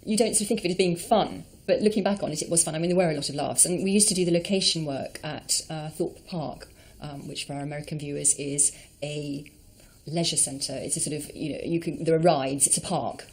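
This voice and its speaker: Low-voiced woman reminiscing. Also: a little fast, a little mellow. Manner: fond, hesitant, full of ums and you knows. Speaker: interviewee. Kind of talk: reminiscing interview.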